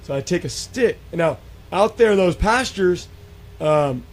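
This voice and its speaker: A man telling a spooky encounter story in a casual, animated way, acting out quotes with many fillers and restarts. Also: high-pitched, measured pace. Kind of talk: casual storytelling on a radio show.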